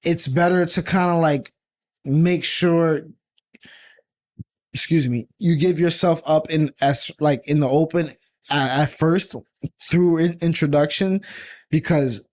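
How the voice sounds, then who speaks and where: A man co-hosting a podcast, a little tipsy from drinking. He chats casually in a fairly high voice, often halting and restarting his words. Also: fairly even intonation, darkish tone. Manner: halting, restarts words, says he is slurring from liquor. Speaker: podcast co-host. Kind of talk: casual chat.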